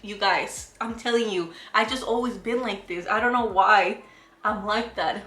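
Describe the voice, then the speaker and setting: A woman's voice: mid-range voice, normal speed. A young woman with a Spanish accent, a beauty vlogger chatting and telling stories during a get-ready-with-me Q&A, laughing easily. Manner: animated storytelling, laughing easily. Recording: roomy echo.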